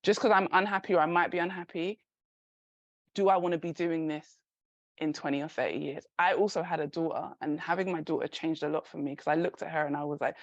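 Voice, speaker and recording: A woman in her forties talks through career confidence in a candid, encouraging way, her voice sitting a little low. The sound is dull and dry, as if from a modest remote recording. She speaks plainly as a guest coach on a podcast. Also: fairly quick, dry recording. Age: 40s. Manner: candid, encouraging, laughs easily. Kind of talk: podcast interview, casual advice.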